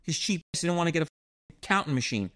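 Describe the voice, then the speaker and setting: A middle-aged man with a New York accent, telling stories as an interview guest, animated and swearing often. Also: on the high side, quick pace. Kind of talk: casual storytelling.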